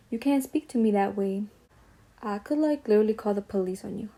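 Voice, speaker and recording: A woman's voice: medium pitch, fairly even intonation, fairly quick, mellow. A young woman chatting casually as she tells a story while doing her makeup, slangy and drifting off on tangents. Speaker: beauty vlogger.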